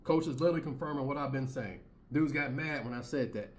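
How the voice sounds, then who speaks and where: A man's voice: medium pitch, fast talker. A man in his thirties hosting his own commentary channel, talking in a blunt, heated, slangy rant and repeating his points.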